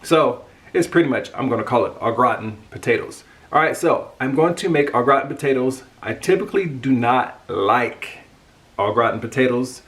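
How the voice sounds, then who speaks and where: A man's voice: medium pitch, a bit bright. Chatty man hosting a cooking video. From United States. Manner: chatty, upbeat, jokes about pronunciation. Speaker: cooking channel host. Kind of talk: casual cooking talk to camera.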